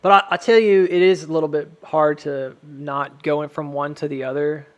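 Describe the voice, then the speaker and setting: A man's voice: fairly high pitch, steady tone, moderate pace, highs cut off. An American man hosting a live stream from home, chatting casually, rambling and laughing often at his own jokes.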